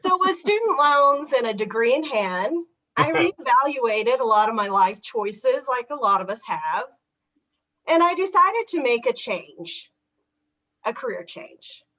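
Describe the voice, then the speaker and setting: A woman performing a stand-up comedy set with animated, punchy delivery. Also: fairly high pitch, unhurried, low-quality recording. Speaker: stand-up comic.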